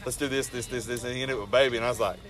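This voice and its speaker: A man hosting a casual talk around a campfire, telling animated stories, swearing freely and laughing as he goes. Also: mid-range voice, rapid-fire. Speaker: podcast host and wrestler. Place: outdoors around a fire.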